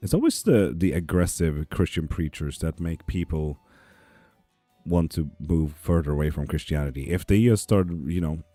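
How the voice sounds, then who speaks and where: Male tarot streamer, very low mellow voice, sardonic and swearing, dry close sound. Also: no echo. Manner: profane, sarcastic, laughs often. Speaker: live tarot reader and stream host. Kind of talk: casual live-stream chat, reading comments aloud. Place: apartment.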